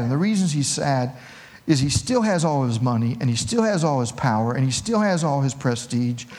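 Middle-aged male pastor, a touch high-pitched, animated sermon storyteller with a joking streak. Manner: animated storytelling with self-mocking humor.

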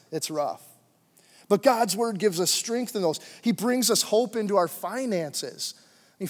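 A young adult man preaching a sermon to a church congregation in a loose, conversational way, with plenty of fillers and asides. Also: high voice. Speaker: pastor. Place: church sanctuary. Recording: long hall reverb.

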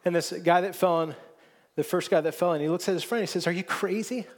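A man delivers a sermon in a fairly high voice. He speaks earnestly, often stumbling over and repeating words, then lifting into emphatic, urgent passages. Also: fairly even intonation, quick pace. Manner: earnest, with frequent restarts and rising emphatic passages. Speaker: pastor.

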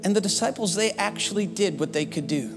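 A man preaching a sermon as pastor, telling a story with lively swings in pitch and frequent restarts. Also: brisk, big-room sound, music in the background. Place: church sanctuary.

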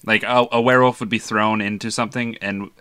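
A man's voice: fairly low pitch, steady tone, a little fast, fairly bright tone, clean tone, no room sound. A young man co-hosting a movie podcast, rambling casually and swearing, with lots of restarts. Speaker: podcast co-host. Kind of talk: casual chat.

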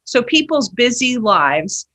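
A woman's voice: a little high, big pitch swings, takes it slowly, pushed and bright, slightly rough. A woman who teaches yoga, a podcast guest telling earnest stories and acting out the dialogue in them. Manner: earnest storytelling, acts out quoted dialogue. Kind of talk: podcast interview.

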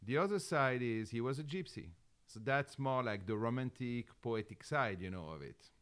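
A man's voice: medium pitch, animated, normal speed, a bit bright, smooth. A man from France with a French accent, answering interview questions in a thoughtful, explanatory way with frequent "you know"s. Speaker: guest musician.

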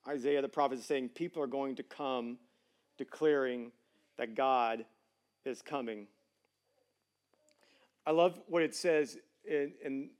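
A middle-aged pastor preaching a sermon in a casual, conversational way, with slangy fillers. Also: male voice, mid-range voice.

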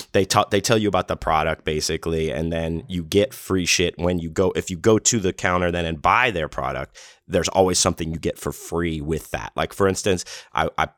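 A man's voice: low voice, a bit bright, dry recording, studio quality. A man hosting his own storytelling podcast, talking in a rambling, laid-back, self-deprecating way. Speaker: podcast host. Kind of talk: casual storytelling monologue. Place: home in Las Vegas.

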